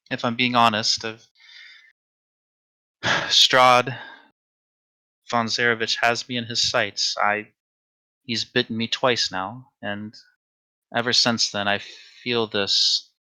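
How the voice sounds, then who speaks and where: A man voicing a soft, sweet young woman who is pale and weary, speaking gently and hesitantly. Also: mid-range voice, fairly even intonation, slow pace, pauses often, no room sound. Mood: troubled.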